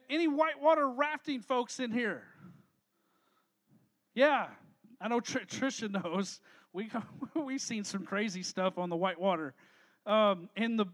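A man with a strikingly high voice preaches a casual sermon. He keeps it light and playful, throwing questions out to his listeners and teasing them. His delivery is lively and conversational. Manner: energetic, joking, talks to the crowd with questions. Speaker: pastor. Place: church hall with a live audience.

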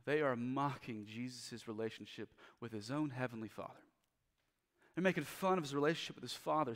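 A male pastor preaching a sermon. He moves from loud, urgent emphasis to quiet, low passages. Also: in a large hall.

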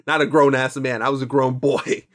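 A man's voice: mid-range voice, level tone, moderate pace. A man co-hosting a movie podcast in casual chat, rambling, playful and self-mocking. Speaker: podcast co-host.

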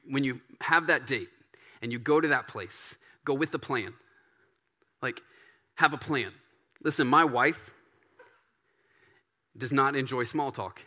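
A male pastor delivers a sermon in a loose, conversational style. His voice sits at an ordinary middle pitch and carries a bright, forward edge. He slips into quieter tones when he acts out a believer's prayers.

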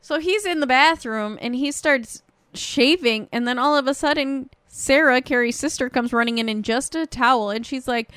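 A woman co-hosting a casual, profane chat, acting out lines in animated bursts. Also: high voice, normal speed, clean tone, no room sound, studio quality. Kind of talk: casual chat recapping a TV show.

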